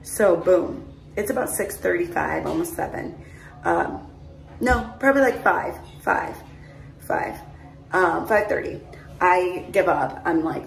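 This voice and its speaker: With a deep, gravelly voice and fairly even intonation, a young woman vlogger unhurriedly recounts a long personal story to her phone. Her delivery is chatty and rambling, full of "like" and "mind you," recorded from a distance with a roomy echo.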